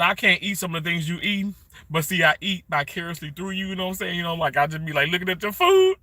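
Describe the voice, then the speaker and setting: A middle-aged man chatting casually on a live stream, greeting viewers by name and rambling warmly. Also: a little high, sing-song, brisk, no echo. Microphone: phone held vertically.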